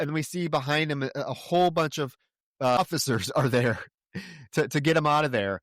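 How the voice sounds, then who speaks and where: A man co-hosting a podcast, retelling a movie plot in a relaxed, rambling way. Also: mid-range voice, normal speed, no room sound, studio quality. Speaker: podcast co-host. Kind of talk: casual film recap.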